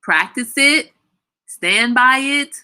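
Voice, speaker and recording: Woman livestream host, bright forceful tone, blunt and animated, quick to laugh. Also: high voice. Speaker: livestream talk show host; mother. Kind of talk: casual livestream chat.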